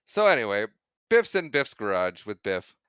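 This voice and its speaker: A man with a bright, crisp, smooth voice recaps a film on a podcast, laughing often and slipping into quick acted-out lines of dialogue. The recording is dry and close to the mic, with no room sound. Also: fairly low pitch, very animated, no room sound. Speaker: podcast co-host. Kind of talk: casual movie recap chat.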